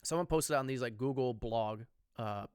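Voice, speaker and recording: A man's voice: medium pitch, normal speed, a little mellow, smooth, no echo, studio quality. A man co-hosting a podcast, telling a story in casual chat, rambling with lots of ums, restarts and swearing. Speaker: podcast co-host.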